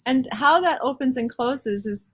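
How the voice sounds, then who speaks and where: A woman talking as a guest in a casual conversation, chatty and expressive and often laughing as she speaks. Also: high-pitched, measured pace, breathy edge, poor audio.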